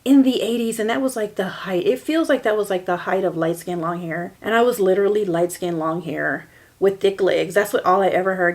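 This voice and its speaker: A woman's voice: medium pitch, a little fast. A woman in her forties hosting a personal podcast, telling her own story in a candid, emotional way. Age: 40s. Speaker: podcast host.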